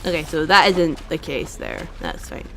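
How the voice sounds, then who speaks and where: Lively young woman streaming a game. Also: deep voice, normal speed, vocal fry, music in the background. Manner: swearing, talking to chat, frustrated outbursts. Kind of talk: casual live-stream commentary.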